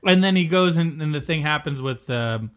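A man with a somewhat raised pitch talks through a movie in relaxed podcast chat. He hesitates and lets sentences trail off as he works out his points. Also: normal speed. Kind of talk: casual movie review chat.

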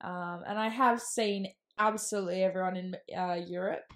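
A woman's voice: mid-range voice, fairly even intonation, normal speed. Young Australian woman podcaster, temporary lisp, chatty and self-deprecating, loose rambling delivery. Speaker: podcast host. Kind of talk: casual solo podcast ramble.

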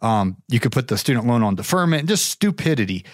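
A man from Ohio telling a long, rambling personal story in a casual way, rising in pitch whenever he imitates others. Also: brisk, no echo, studio quality. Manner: rambling, animated, pitches up for quoted voices. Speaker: show regular telling a story.

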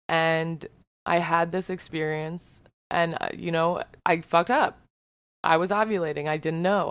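A woman's voice: lowish voice, no echo. A young woman talking through a personal podcast monologue in a frank, heated, profane way. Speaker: podcast host.

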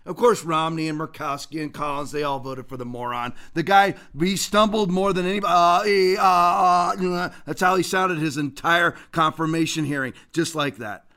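A man's voice: a little high, fairly quick, few pauses, bright, forceful tone, smooth. A male host giving emphatic, preachy political commentary and quoting scripture.

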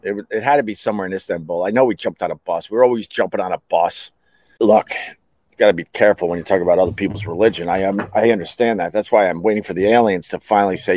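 A man's voice: sits low, fast talker, a little mellow, no room sound. A middle-aged man hosting a podcast, rambling through his own stories, swearing and laughing at himself. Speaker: podcast host, former radio host. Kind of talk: rambling solo storytelling.

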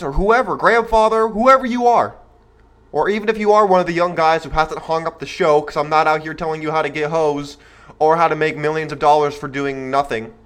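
A man in his twenties hosting a show, giving a blunt, slangy motivational talk to young men and parents, acting out the voices of others. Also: a little high. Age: 20s. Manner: animated, acts out voices of others. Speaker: podcast host. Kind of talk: motivational monologue.

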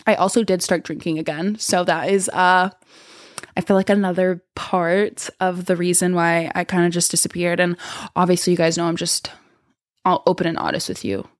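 A young woman hosts a podcast in a fairly low voice at a moderate pace, the studio-quality sound free of room noise. Her casual chat is blunt, profane and candid, with plenty of rambling asides.

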